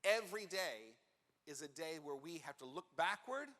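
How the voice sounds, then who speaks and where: A man, a rabbi, telling a personal story in a sermon, animated and acting out the voices of the people in it. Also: fairly high pitch, normal speed, noisy background. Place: synagogue sanctuary. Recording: reverberant hall.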